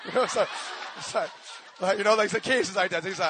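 A young man preaching a sermon as pastor, telling his own testimony in an animated, slangy way, acting out voices and swinging between laughter and shouts. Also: high voice, fast, background noise.

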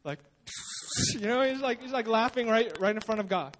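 A man's voice: very high-pitched, lively intonation, normal speed, a bit bright, a little hiss or hum. A male pastor giving a casual, conversational sermon at a church service, telling the story informally with lots of fillers. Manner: informal storytelling, acts out quotes, many fillers.

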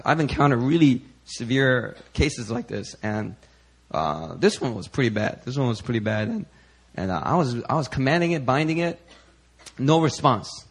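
A man preaching, telling a chatty testimony in an animated, storytelling way with lots of fillers. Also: medium pitch, moderate pace, vocal fry, breathy edge.

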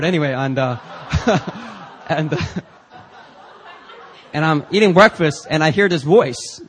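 A man's voice: a little high, takes it slowly, long pauses, fairly bright tone, slight background noise. A pastor preaching a sermon in a chatty storytelling way, with many fillers, often laughing at his own story. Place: church.

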